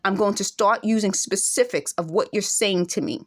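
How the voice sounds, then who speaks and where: A woman's voice: mid-range voice, moderate pace. A woman with an accent speaks to camera in an indignant vlog monologue, firing off emphatic rhetorical questions. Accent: speaks with an accent of her own. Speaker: vlogger.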